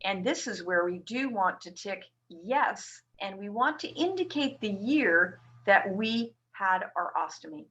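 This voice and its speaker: Woman nurse from Canada, bright-toned, patiently walks listeners through a form in a webinar. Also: mid-range voice, lively intonation, a little slow, hardly any pauses, lo-fi sound. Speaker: ostomy nurse presenter. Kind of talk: webinar presentation.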